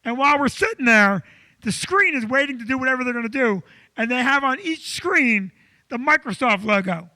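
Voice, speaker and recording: A man co-hosting a live comedy show, telling a long church story with loud acted-out quotes. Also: very high voice, fairly quick, no room sound. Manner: animated, loud, acts out quotes. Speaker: comedian co-host. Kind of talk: comic storytelling.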